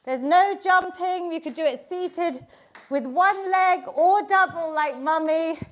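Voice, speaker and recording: A woman's voice: very high voice, slow. A woman leading a live online exercise class as fitness instructor, upbeat and encouraging, counting reps aloud while she exercises along.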